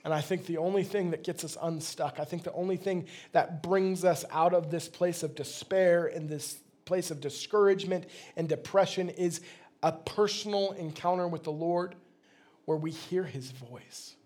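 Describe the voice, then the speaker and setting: A man's voice: on the high side, steady tone, moderate pace, a little mellow. A man, a pastor, delivering a sermon in a conversational, plain-spoken way.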